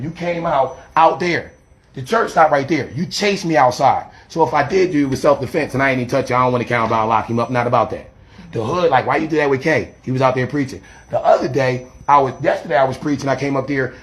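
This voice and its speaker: A man, a street preacher arguing defensively outdoors by a church, talking fast and repeating himself, filmed on a handheld phone. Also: mid-range voice. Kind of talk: heated confrontational street talk. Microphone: handheld phone camera.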